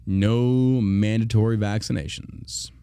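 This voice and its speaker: A man's voice: on the low side, steady tone, slow, creaky, warm tone, clear, resonant tone, no echo. A man hosting a political podcast, reading news aloud and ranting in a heated, profane way. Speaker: podcast host.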